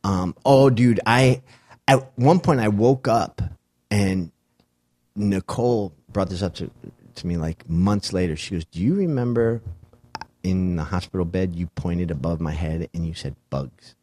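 A man's voice: low voice, unhurried, dark tone, no room sound. A middle-aged man telling a wild story in casual chat, swearing and acting out the voices of the people in it. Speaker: guest.

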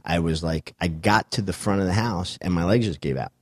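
A man's voice: low voice, brisk, no echo, studio quality. A middle-aged man telling a wild story in casual chat, swearing and acting out the voices of the people in it. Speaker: guest.

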